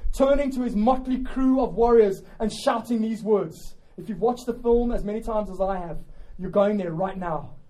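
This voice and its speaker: High-voiced impassioned young preacher. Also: male voice, mellow, rough recording. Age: young adult. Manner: impassioned, emphatic, rhetorical questions. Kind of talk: sermon.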